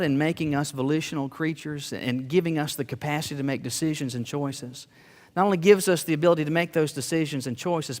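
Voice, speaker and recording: A man preaching a sermon with emphatic, building delivery, shifting into relaxed personal storytelling. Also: on the high side, in a large hall. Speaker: pastor.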